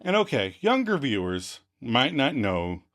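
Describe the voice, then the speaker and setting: A man co-hosting a casual podcast, recapping scenes and acting out the characters' lines in quick voices. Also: mid-range voice, wildly swooping pitch, a bit bright. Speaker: podcast co-host recapping episodes.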